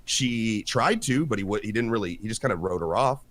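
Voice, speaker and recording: A man co-hosting a casual podcast chat, animated and acting out quotes in his story. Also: lowish voice, brisk. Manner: animated, acts out quotes with lively swings. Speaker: podcast co-host.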